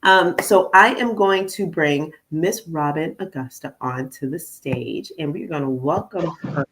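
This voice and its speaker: A middle-aged woman with a notably low voice speaks into a podcast microphone. She talks in a chatty, animated way as a coach hosting her own show, often turning to her listeners with "y'all". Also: unhurried. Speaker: podcast host and conflict coach. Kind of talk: casual morning podcast monologue. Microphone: studio podcast microphone.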